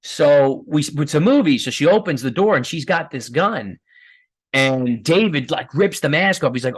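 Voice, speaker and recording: A filmmaker guest telling stories in a casual, rambling way, with many fillers and restarts and frequent laughs. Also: male voice, a little high, animated, normal speed, slightly rough.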